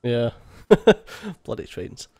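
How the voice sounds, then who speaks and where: A man's voice: medium pitch, big pitch swings, extremely slow, a little mellow, dry recording, clean studio sound. A man with a mild Scottish accent chatting casually during a multiplayer game, joking and laughing often. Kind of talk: casual gaming chat.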